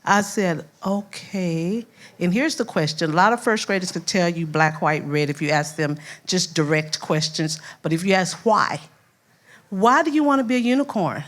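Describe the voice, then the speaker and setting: A woman's voice: lowish voice, normal speed. An older woman from Louisiana with a Southern accent, a first-grade teacher giving a heartfelt speech and acting out her students' voices as she tells stories. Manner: animated storyteller, acts out voices, laughs often. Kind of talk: heartfelt speech at an awards event.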